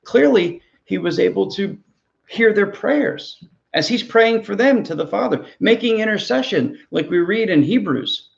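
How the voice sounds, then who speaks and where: A man's voice: high-pitched, expressive, a little slow, gravelly, muffled recording. A man, a ministry pastor, preaching a sermon in an earnest, conversational way, often repeating words as he goes.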